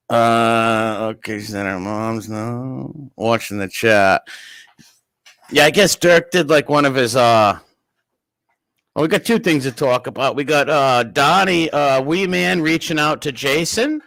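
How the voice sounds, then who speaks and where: A man's voice: medium pitch, a little slow, fairly bright tone, no room sound. Rambling man hosting a livestream. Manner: rambling, reads chat names aloud. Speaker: livestream host. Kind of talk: casual livestream chat.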